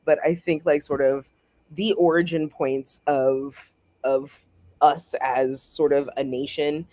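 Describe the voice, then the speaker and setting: An American author chatting casually as a guest over a video call, animated and rambling, laughing often. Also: medium pitch, slow, dry recording. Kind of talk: casual chat.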